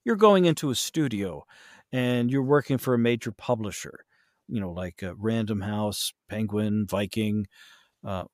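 A man's voice: fairly low pitch, unhurried, darkish tone, dry recording. Rambling man narrator, dry sound. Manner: rambling, many fillers and restarts. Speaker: audiobook narrator guest. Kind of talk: casual interview chat.

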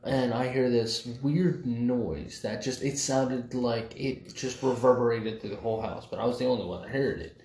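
A man's voice: medium pitch, steady tone, normal speed, few pauses, a little mellow. A man co-hosting a podcast in casual banter, blunt and profane, telling stories. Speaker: podcast co-host. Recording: echoey room with faint noise.

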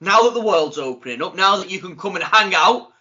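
A man hosting a podcast, chatting casually with jokey, animated banter. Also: sits high, fairly quick. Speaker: podcast host. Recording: dull lo-fi sound.

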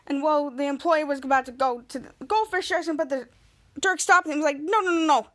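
A woman's voice: sits high, fast talker. A woman podcast host casually retelling a TV episode scene by scene, rambling and restarting often.

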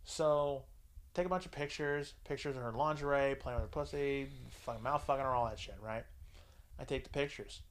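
A man's voice: medium pitch, fairly even intonation, fairly quick. A man hosting a casual chat, telling a story bluntly and crudely, with lots of swearing, and acting out the dialogue himself. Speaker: podcast host.

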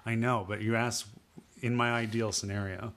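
A man co-hosting a casual podcast, who rants dramatically and delivers dry, deadpan jokes. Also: fairly low pitch, moderate pace. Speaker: podcast co-host. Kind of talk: casual chat.

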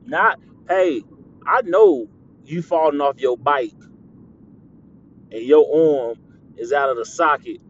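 Animated podcast host, teasing and laughing. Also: male voice, on the high side, slow, creaky, long pauses. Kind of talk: casual monologue podcast. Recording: slightly dull lo-fi audio with faint background noise.

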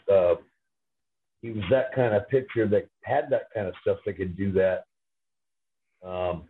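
A man's voice: fairly low pitch, slight background noise. Man on a tinny phone line. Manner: rambling, fond storytelling. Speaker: guest. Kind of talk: casual sports talk.

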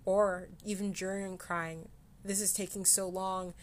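A woman's voice: mid-range voice, little pitch movement, measured pace. A woman from Canada hosting a casual solo podcast, talking candidly with frequent restarts and casual swearing. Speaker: podcast host.

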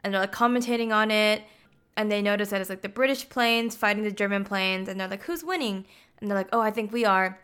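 Woman, mid-pitch, clear smooth voice, chatty recap of a film, lots of "like". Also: a bit bright. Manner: chatty, heavy use of "like" fillers. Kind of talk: casual film plot recap.

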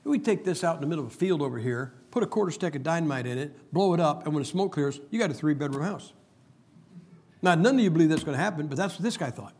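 A man's voice: a little high, animated, quick pace, darkish tone, slight background noise. A man preaching a humorous sermon, telling stories and making emphatic points with jokes. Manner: joking, storytelling, emphatic preacher.

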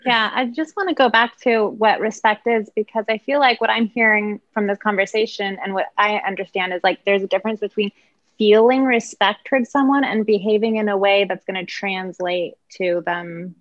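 A woman in casual group conversation, explaining her views in a thoughtful, measured way. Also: medium pitch, fairly even intonation, dry recording, highs cut off.

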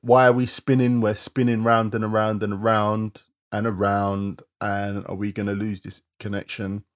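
A man co-hosting a live-streamed podcast in casual chat, running through viewer shout-outs. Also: lowish voice, flat delivery. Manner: chatty, reads out viewer shout-outs in a quick list. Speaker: podcast co-host.

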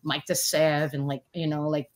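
Animated chatty woman telling a story. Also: moderate pace. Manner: animated, many fillers, acts out quotes in a higher voice. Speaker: interview guest. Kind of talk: casual storytelling chat.

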